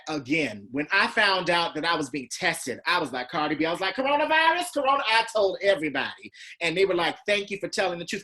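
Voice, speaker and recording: A man from Georgia in the US, a teacher telling a class a personal story. He acts out other people's lines with big pitch swings. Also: a bit bright, breathy edge. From Georgia, USA. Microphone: video call.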